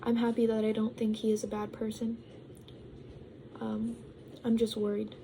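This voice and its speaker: Young woman, vlogger, casual rambling chat, filler-heavy, fairly high voice, soft mellow tone. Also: completely flat delivery, normal speed, vocal fry, a little hiss or hum, poor audio. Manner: rambling, full of ums and likes; talks while eating.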